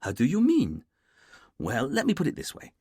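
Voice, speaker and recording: A man's voice: fairly high pitch, huge pitch swings, normal speed, dark tone, husky, no echo, clean studio sound, pitched above the performer's own voice, full character voice. A man voicing a fussy, pompous middle-aged detective inspector who speaks in a precise, stiff way.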